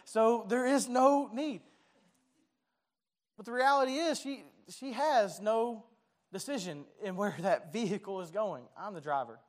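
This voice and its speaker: High-voiced preacher man. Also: a little slow. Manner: conversational, self-deprecating, stumbling restarts. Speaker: pastor. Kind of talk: sermon.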